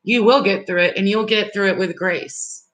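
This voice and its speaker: A woman's voice: mid-range voice, normal speed, a bit bright, low-quality recording. A woman giving live tarot readings, speaking directly and reassuringly to her viewers in a loose, rambling way. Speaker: tarot reader.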